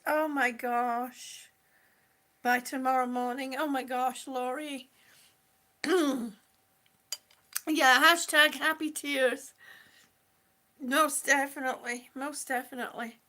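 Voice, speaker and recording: A woman's voice: high-pitched, fairly even intonation, slow, pauses often, bright, forceful tone. A woman hosting a casual livestream, teary and holding back tears, gushing with repeated exclamations as she reads viewers' comments. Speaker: livestream host.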